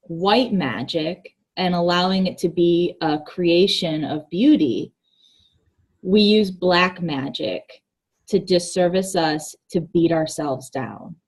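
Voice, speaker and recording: A woman guest speaking in a relaxed, reflective way during a casual conversation. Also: on the low side, husky. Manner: slow, reflective, thoughtful. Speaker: guest, gym worker.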